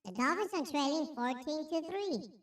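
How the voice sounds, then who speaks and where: A man using a pitch-raising voice changer to sound like a squeaky chipmunk-like cartoon voice, talking playfully. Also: animated, normal speed, a bit bright. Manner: playful, silly. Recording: distant and roomy.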